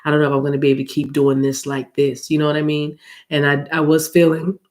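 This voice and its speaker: An American woman doing a casual spiritual card reading, chatty and rambling, with a voice roughened by allergies. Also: low-pitched, fairly even intonation, brisk, a little mellow. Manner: chatty and rambling, addresses viewers as y'all, laughs often. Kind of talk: casual tarot reading chat.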